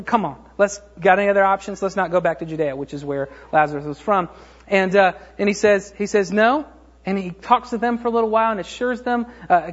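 Male pastor, husky voice, chatty storytelling sermon with plenty of ums, muffled lo-fi recording. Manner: conversational, retells the story with many fillers and restarts; acts out quoted voices, rises to a fervent pitch when preaching.

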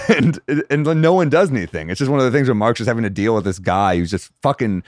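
A man hosting a podcast, telling comedy-club stories in a casual, animated way and bursting into loud impressions of people. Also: mid-range voice, quick pace, no echo, studio quality. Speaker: podcast host. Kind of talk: casual storytelling chat.

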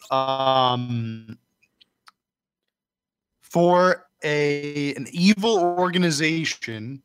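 Deadpan male co-host. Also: on the high side, smooth, no echo. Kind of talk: comedic podcast banter.

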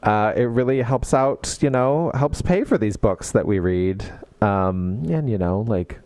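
A woman's voice: very deep voice, unhurried, warm tone, no room sound. A woman co-hosting a podcast in casual chat, trading playful banter and dry jokes. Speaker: podcast co-host.

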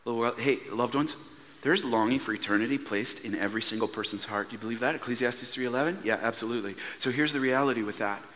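A male pastor preaching a sermon in a church, earnest and pleading, swinging from hushed asides to loud emphatic lines. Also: mid-range voice, fast, in a large hall. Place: church hall.

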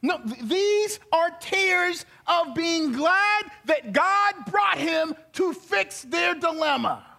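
A male pastor, preaching an animated sermon that swings from soft to loud and grows emotional. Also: extremely high pitch, slow, creaky, few pauses. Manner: gets emotional and laughs while speaking.

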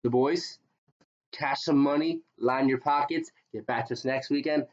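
A man hosts a casual podcast, teasing his co-hosts, swearing and steering the segments along. His pitch sits in the middle. The recording sounds dull and lo-fi. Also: normal speed. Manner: teasing, profane, leads segments. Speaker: podcast host. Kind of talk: casual chat.

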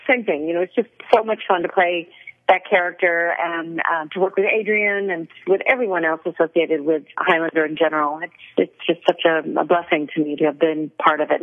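A woman guest talking through an interview, chatty and quick to laugh, often restarting her sentences. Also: on the low side. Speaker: actress guest. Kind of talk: casual interview over a phone line. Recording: tinny phone line.

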